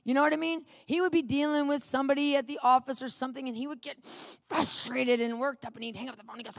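A middle-aged woman preaching and telling a lively personal story, acting out the people in it. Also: high voice, fast talker, gravelly, hardly any pauses, no room sound, clean studio sound. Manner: animated storytelling, acting out quotes.

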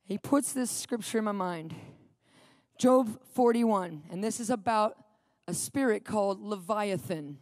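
A woman's voice: medium pitch, measured pace, dry recording, studio quality. A middle-aged woman preaching a sermon, telling a personal story and reading scripture with dramatic emphasis, often checking in with her listeners. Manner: animated, questioning the audience, dramatic scripture reading.

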